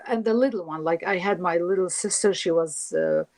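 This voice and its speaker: A woman from Syria telling stories from her life as an interview guest, animated and acting out quoted voices. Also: fairly low pitch, normal speed, low-quality recording. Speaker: singer and guest. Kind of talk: casual interview storytelling.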